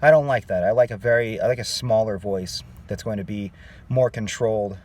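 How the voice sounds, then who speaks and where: A man's voice: on the low side, fairly quick, a little mellow, far from the mic. A man giving a casual voice lesson as a vocal coach, chatting and checking in with his listeners as he explains. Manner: conversational, checks in with "okay" and "all right". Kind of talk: casual instructional talk.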